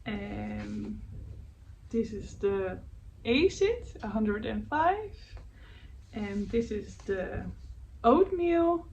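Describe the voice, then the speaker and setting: A woman hosting her knitting podcast, chatting casually and hesitantly, often searching for words and laughing softly at herself. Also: mid-range voice, very animated, very slow, gravelly, muffled recording. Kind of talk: casual show-and-tell chat. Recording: faint background noise, voice a bit distant from the mic.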